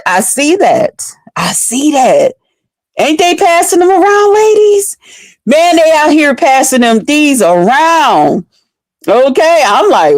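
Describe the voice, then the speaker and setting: An online commentary host speaks to her viewers in a high-pitched voice, with no echo. Her casual commentary is blunt, profane, chatty, and unfiltered, aimed straight at the audience.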